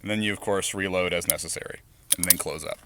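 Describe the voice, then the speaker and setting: Halting man explaining at a shooting range. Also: deep voice, fairly even intonation, pushed and bright. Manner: halting, lots of ums and uhs. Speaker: firearms channel host. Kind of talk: casual explanatory talk at the range. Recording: distant mic, faint background noise.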